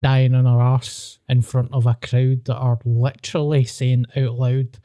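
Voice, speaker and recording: A man's voice: mid-range voice, little pitch movement, a little slow, dark tone, dry recording, studio quality. A Scottish man with a Glasgow accent, hosting a podcast and telling rambling, sweary stories in casual chat. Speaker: podcast host.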